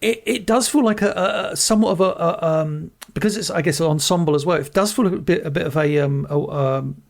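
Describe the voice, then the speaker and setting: A man's voice: a little high, a little fast, creaky. A man co-hosting a casual film podcast, talking hesitantly with many restarts and filler words. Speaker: podcast co-host.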